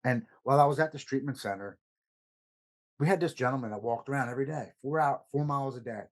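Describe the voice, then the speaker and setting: A man on a podcast, casually telling a personal story with lots of quoted back-and-forth, earnest and dropping softer at heavy moments. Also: mid-range voice, quick pace. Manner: retells events with much quoted dialogue. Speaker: podcast guest.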